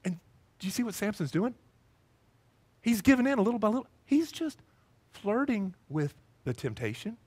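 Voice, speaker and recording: A male pastor giving a sermon in a church, animated as he acts out scenes with voices and sound effects. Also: high voice, normal speed, pauses often, breathy edge. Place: church sanctuary with a congregation.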